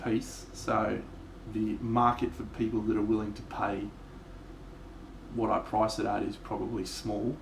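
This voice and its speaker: An Australian man talks through his painting session live, relaxed and chatty, swearing freely as he goes. His voice has a gravelly edge and sits in a middling range. The sound bounces around an echoey room with a faint hum underneath. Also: on the low side, measured pace. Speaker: miniature painter streaming live. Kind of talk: casual live-stream chat.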